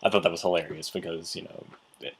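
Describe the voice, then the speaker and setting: A man's voice: sits low, fairly even intonation, fast, husky. A man vlogging a casual, rambling story recap, acting out quotes as he goes. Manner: rambling, with many restarts and acted quotes.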